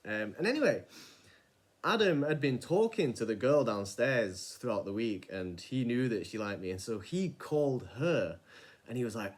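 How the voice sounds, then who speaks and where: A man, casually telling a personal story in a rambling, animated way, with frequent restarts and some swearing. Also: mid-range voice, moderate pace. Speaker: vlogger.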